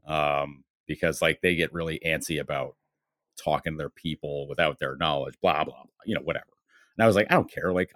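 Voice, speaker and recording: Podcast guest, a male sports writer with a Western New York accent, deep voice, dry close sound, rambling anecdotes. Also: dry recording. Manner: rambling anecdotes, many fillers and acted-out quotes. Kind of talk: casual storytelling on a podcast.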